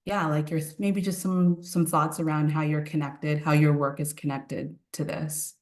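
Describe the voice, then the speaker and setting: A woman hosting a panel on a video call, asking questions in an encouraging way with frequent restarts. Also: deep voice. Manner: warm, encouraging, hesitant restarts. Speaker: host, moderator.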